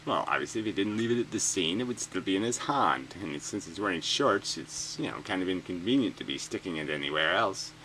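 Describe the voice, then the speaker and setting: A man's voice: sits low, animated, brisk, hardly any pauses, pushed and bright, slight background noise, poor audio. A man reading news items aloud and cutting in with sarcastic, profane mocking asides. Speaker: commentator reading news stories. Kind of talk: sarcastic comedic rant.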